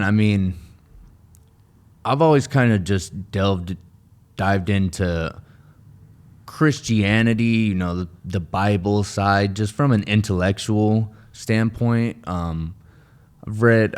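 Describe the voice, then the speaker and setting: A man with a very low voice talks as a guest in a relaxed interview, earnest and rambling. He circles back on his words, restarts sentences and leans on fillers as he tells his story of recovery. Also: slow. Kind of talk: casual interview chat.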